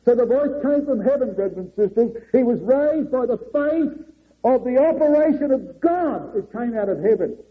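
A man preaching a sermon earnestly, swinging between raised and hushed delivery. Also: extremely high pitch, lively intonation, moderate pace, breathy edge. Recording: muffled lo-fi recording.

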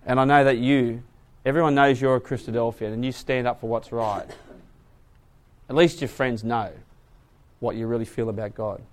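Guy doing a calm angel, soft and low, dead earnest. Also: normal speed, pauses often, lightly acted. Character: calm male angel speaking gently.

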